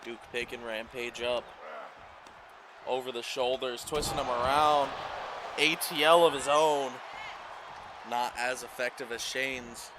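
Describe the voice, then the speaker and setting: A man doing play-by-play commentary over a video game wrestling match, calling moves quickly and getting louder at near-falls. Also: mid-range voice, background noise. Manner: rapid play-by-play calls, rising excitement at near-falls.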